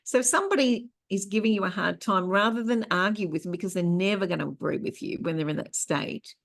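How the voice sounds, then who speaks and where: A woman's voice: mid-range voice, fast talker, gravelly. A middle-aged woman hosting an online workshop, teaching in a conversational way and telling personal stories. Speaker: workshop host and therapist.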